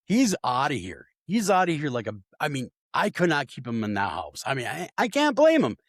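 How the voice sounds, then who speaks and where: Male guest, casual storyteller, very expressive pitch, dry studio sound. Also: brisk, dry recording. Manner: animated, acts out voices in his story. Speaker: paranormal investigator guest.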